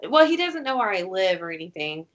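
A woman's voice: mid-range voice, sing-song, brisk, fairly bright tone. A young woman in casual chat, telling a story in a rambling way, full of "like" and swearing. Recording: dull lo-fi recording.

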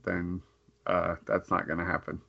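A young man talking casually on a home podcast, halting and hesitant and restarting his sentences. His voice sits somewhat low. The sound is a bit dull, as from a basic home mic. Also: level tone, creaky. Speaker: podcast co-host. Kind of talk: casual chat.

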